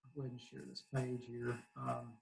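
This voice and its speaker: A youth pastor from Southeast Arkansas with a Southern accent, talking easygoingly on a video call, laughing often and leaning on fillers. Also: male voice, mid-range voice, monotone, fairly quick, vocal fry, slight background noise, rough recording. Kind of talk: casual video call chat.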